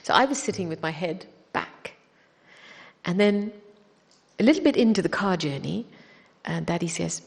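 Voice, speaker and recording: Woman telling a spiritual story, kinda low voice, lots of hall echo. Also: brisk, vocal fry, breathy edge. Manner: earnest, animated storytelling. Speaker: spiritual speaker. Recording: long hall reverb.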